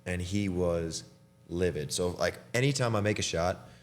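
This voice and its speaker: This young adult man, a podcast host who also plays college basketball, speaks in a deep voice at normal speed with faint music behind him. He's laid-back and chatty in a casual conversation with a teammate, laughing often and saying "dude" a lot.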